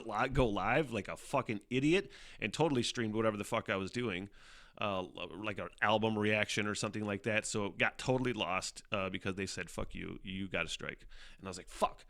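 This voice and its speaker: A man's voice: lowish voice, fairly bright tone, no echo, clean studio sound. A man hosting his own casual live-stream podcast, rambling and cursing freely, laughing at himself as he talks into a desk mic. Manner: profane, rambling, self-mocking, laughs often. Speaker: podcast host. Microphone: headphones on, desk mic.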